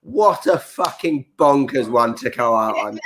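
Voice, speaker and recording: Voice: medium pitch, animated, unhurried, noisy background. Rambling comedy host. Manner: casual, rambling, many fillers. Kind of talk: casual show wrap-up.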